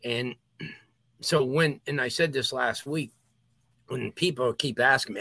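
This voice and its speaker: Guy on a sports podcast, punchy and emphatic, bright voice, dry close sound. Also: mid-range voice, a little slow, long pauses, no room sound. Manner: emphatic, talks through sneezes and throat clearing. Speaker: podcast co-host. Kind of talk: casual sports chat.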